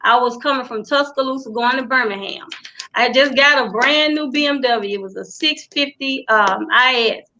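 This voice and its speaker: A woman's voice: on the high side, normal speed, bright, forceful tone, highs cut off, a little hiss or hum. A woman speaking earnestly in a casual panel discussion, restarting her sentences often. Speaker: panel guest.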